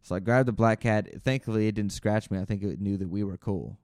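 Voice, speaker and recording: A man's voice: fairly low pitch, fairly even intonation, fairly quick, a little mellow, no echo, studio quality. A man hosting a podcast, telling a long casual story in a rambling, self-correcting way. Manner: rambling, self-correcting, tells an anecdote with lots of "I was like". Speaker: podcast host.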